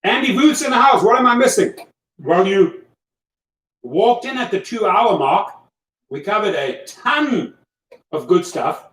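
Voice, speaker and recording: A man's voice: high voice, very animated, unhurried, pauses often, fairly bright tone. A man with a South African accent hosting a casual livestream, coaching listeners in an emphatic, repetitive way. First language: German. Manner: coaching, emphatic, repeats himself. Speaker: livestream host. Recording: echoey room, far from mic, faint noise.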